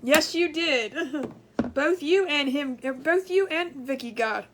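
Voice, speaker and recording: A high-pitched woman chatting on a crafts livestream. She rambles, retells conversations and stretches out her hellos to viewers in a sing-song way. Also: lively intonation, slow pace, noisy background. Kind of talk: casual livestream chat.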